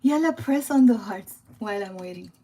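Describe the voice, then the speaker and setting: A woman's voice: mid-range voice, lively intonation, a little fast, dark tone. A young woman with a Lebanese accent teaches a live language lesson, quizzing viewers and moving between Arabic and English.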